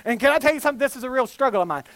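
A male pastor delivering a sermon, moving between loud, shouted preaching and quiet, fast, joking storytelling. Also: very high-pitched, animated, vocal fry, dry recording.

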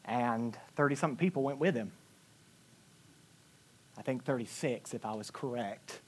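A male pastor preaching a sermon, telling personal stories with lively delivery, acting out quotes and swinging from loud to quiet. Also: medium pitch, moderate pace, breathy edge. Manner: animated storytelling, acting out quotes with big swings in loudness.

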